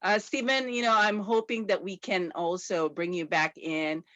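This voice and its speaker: A woman hosting an interview, effusive and gushing, talking with many halting restarts. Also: fairly low pitch, fairly even intonation, fairly bright tone, no echo, lo-fi sound. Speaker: interviewer and host. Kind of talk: casual interview chat.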